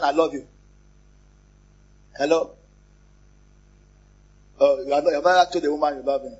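A pastor, preaching a lively sermon, repeating phrases and joking with the congregation. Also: male voice, fairly high pitch, moderate pace, pauses often, breathy edge. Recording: muffled, lo-fi church recording.

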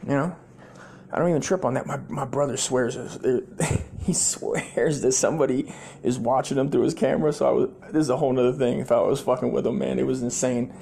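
A former sailor hosting a comedy podcast, telling a long story in a rambling, heavily profane way and acting out the people in it. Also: male voice, medium pitch, fairly quick, vocal fry, a little hiss or hum. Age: adult, former sailor. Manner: profane, rambling, animated quoted voices.

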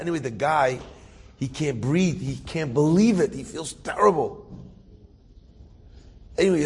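A man's voice: a little high, unhurried, long pauses, a little mellow, breathy edge. A man telling an inspirational story as a sermon, acting out the characters and building to emphatic preaching.

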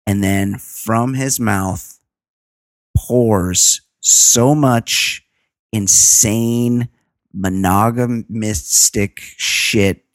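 A man co-hosting a podcast, retelling a reality show episode in animated, profane, casual chat. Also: lowish voice, very slow, no echo, clean studio sound. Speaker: podcast co-host.

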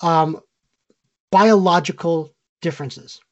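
A man's voice: on the high side, takes it slowly, muffled recording. A man co-hosting a casual podcast chat, opinionated and talking with many fillers and restarts. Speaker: podcast co-host.

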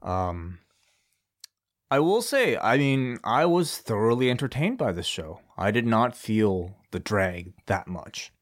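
A man's voice: fairly low pitch, big pitch swings, slow. A man co-hosting a wrestling post-show podcast in easygoing, casual chat. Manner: easygoing, laughs often. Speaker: podcast co-host.

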